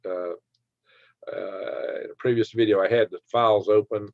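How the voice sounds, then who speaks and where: A low-voiced man with a Southern twang, chatting fast and jokey on a livestream and breaking into laughter often. The sound is dry and close, with a dull, lo-fi quality. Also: fairly even intonation, gravelly, dry recording. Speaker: livestream host. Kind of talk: casual livestream chat reading viewer comments. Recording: dry, dull lo-fi stream audio.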